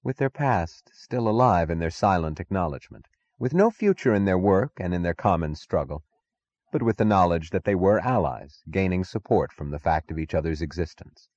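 Very deep-voiced male audiobook narrator. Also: no echo. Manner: deliberate, expressive reading. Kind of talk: scripted literary narration. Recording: dull, dry lo-fi audiobook recording.

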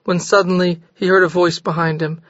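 A man narrating a novel in a steady, measured storytelling voice. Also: sits high, no room sound. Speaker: audiobook narrator. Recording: slightly dull dry recording.

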